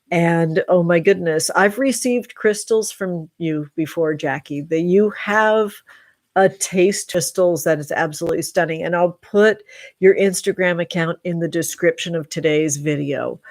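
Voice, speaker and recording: A woman with a lowish voice hosts a casual tarot livestream from home. She talks very slowly and effusively. The sound is dry and close. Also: dry recording. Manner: effusive, slow and drawn-out, affectionate terms for viewers. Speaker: tarot reader and channel host.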